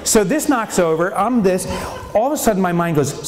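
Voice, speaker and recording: Animated man speaking on a hall stage. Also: sits high, moderate pace, background noise. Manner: animated, acts out scenes with shouts. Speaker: keynote speaker. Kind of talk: humorous business keynote storytelling. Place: on stage in a large venue. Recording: long hall reverb.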